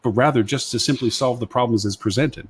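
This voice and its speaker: On a live web panel show, a male agency consultant rambles in a casual way, frequently repeating himself and recounting past conversations. His mid-range voice is fairly quick and slightly rough.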